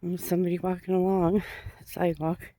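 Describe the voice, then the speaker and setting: Her voice is fairly low, level in tone and brisk as she vlogs on an outdoor sidewalk. Winded and suffering from a cold, the woman chats easily and ramblingly while walking, laughing softly now and then.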